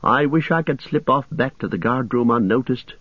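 A man's voice: medium pitch, normal speed, breathy edge, no room sound, lo-fi sound, voice pushed up, close to an everyday voice. A man reading an audiobook, voicing an anxious young male hobbit who mutters and grumbles. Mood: fretful.

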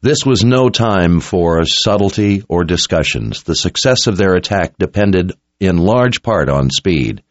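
A man's voice: deep voice, expressive, a little slow, hardly any pauses, dry recording, highs cut off. A man reading a dramatic story aloud as narrator, in an intense, scripted audiobook style.

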